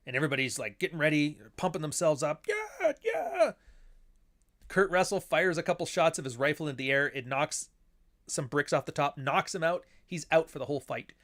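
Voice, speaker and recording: A man's voice: fairly high pitch, fast, fairly bright tone. A man who writes books, riffing casually on old films. He rambles, swears freely and acts out quoted lines. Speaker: author and host. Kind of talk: casual film commentary.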